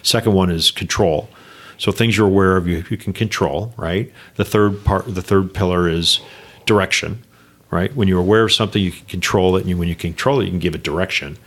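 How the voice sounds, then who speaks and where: A middle-aged man with a very low, gravelly voice, talking as a guest on a podcast. He rambles in an upbeat, easy way and keeps checking in with his listeners. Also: fairly quick. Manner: rambling, upbeat, lots of "right?" and "you know". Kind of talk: casual interview chat.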